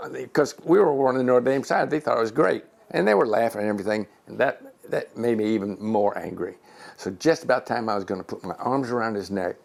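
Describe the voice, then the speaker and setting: A man's voice: medium pitch, vocal fry. A man in his seventies, a retired Air Force general, telling personal stories in his home and acting out the voices in them. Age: 70s. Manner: animated storyteller who acts out quoted voices.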